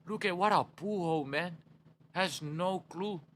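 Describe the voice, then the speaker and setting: A man voicing a teasing young man who mocks someone from hiding, quietly and with laughter. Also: high voice, unhurried, a little hiss or hum, voice pushed up. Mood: mocking. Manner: hushed mocking commentary, laughing.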